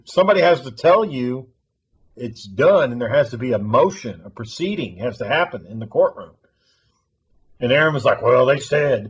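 A man's voice: medium pitch, expressive, normal speed, slightly rough, dull audio. A man telling a long story in casual chat, rambling and swearing freely.

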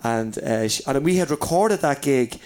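A man's voice: medium pitch, normal speed, a little hiss or hum. A man, a comedian telling stories in a casual chat, swearing freely and acting out the people in his tales. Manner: swears freely, animated storyteller acting out voices. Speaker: comedian guest. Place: downstairs in a pub.

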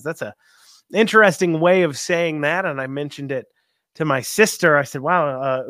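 A man's voice: a little high, expressive, fairly quick, fairly bright tone, no room sound, studio quality. A man hosting a conservative radio talk show, rambling folksily with many ums and restarts. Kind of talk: casual political talk radio.

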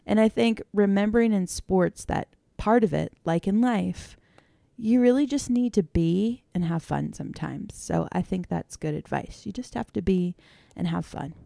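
A woman's voice: mid-range voice, moderate pace, creaky, mellow, no echo, studio quality. A woman co-hosting a podcast, chatting reflectively about coaching kids. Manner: chatty, reflective, many fillers. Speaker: podcast co-host. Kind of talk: casual chat.

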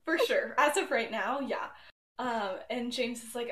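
A woman's voice: on the high side, lively intonation, a little slow, a bit bright, far from the mic. A young woman hosting a podcast, retelling a story in a chatty, giggly way with many fillers. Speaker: podcast host. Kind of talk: casual storytelling. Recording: roomy echo, poorly set home mic.

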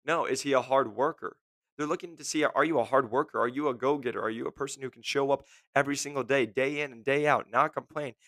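A man's voice: mid-range voice, fast, fairly bright tone, no room sound. Blunt, emphatic man podcast host. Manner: emphatic, repeats "guess what", mimics whiny voices. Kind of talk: blunt motivational talk.

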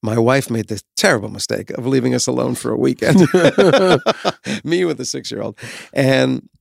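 A man's voice: medium pitch, normal speed, creaky, slightly rough, no room sound, studio quality. A man in his fifties talking as a guest, telling candid stories in a reflective, frank way and swearing now and then. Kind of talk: candid conversational storytelling.

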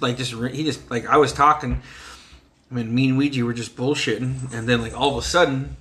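With a medium-pitched, fairly bright voice, this man chats casually as a guest storyteller about his profane childhood on a reservation in the United States. He laughs often and acts out the quotes.

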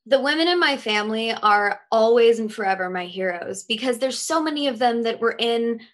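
A woman actress chats as a podcast guest in a fairly high voice. She speaks in articulate, thoughtful sentences and laughs easily between points. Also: expressive, brisk. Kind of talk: casual interview chat.

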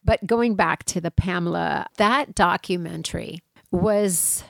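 A woman's voice: on the low side, unhurried, vocal fry, no room sound. A woman co-hosting a casual chat, gushing and enthusiastic. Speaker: co-host.

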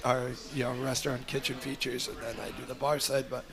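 Guy cohosting a podcast, pretty monotone, rambly and friendly. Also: medium pitch, brisk. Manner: friendly, rambling, many fillers. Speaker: podcast co-host. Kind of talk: casual interview chat.

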